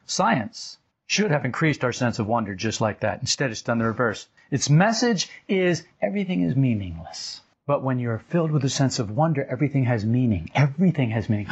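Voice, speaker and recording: An older man giving an informal spiritual talk as a teacher, telling stories and acting out quotes with his voice jumping higher. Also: husky. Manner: animated storytelling, acts out quotes with rising pitch. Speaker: esoteric teacher. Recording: dull lo-fi recording.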